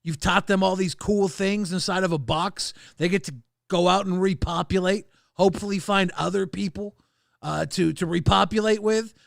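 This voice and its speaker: A man's voice: high-pitched, fairly even intonation, normal speed, creaky, no echo, studio quality. A man co-hosting a stream in casual chat, crude and joking, rambling between topics. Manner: bursts into loud ranting. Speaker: co-host of a commentary stream.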